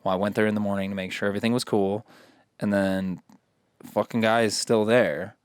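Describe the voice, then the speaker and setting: A man hosting a casual podcast, telling stories in an animated way and swearing freely. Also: on the low side, brisk, clear, resonant tone, no echo, clean studio sound. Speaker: podcast host.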